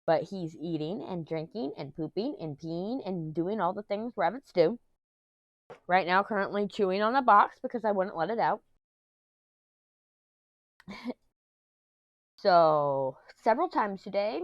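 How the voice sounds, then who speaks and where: A woman's voice: mid-range voice, no echo, dull audio. A woman vlogging from her home office, talking in a rambling, chatty way while getting over an illness that has left her throat sore. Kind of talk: casual chat.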